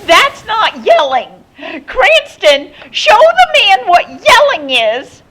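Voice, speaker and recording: A woman voicing a rude, shrill and screechy mother in a storybook reading, snapping insults. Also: wildly swooping pitch, takes it slowly, fairly bright tone, heavily acted.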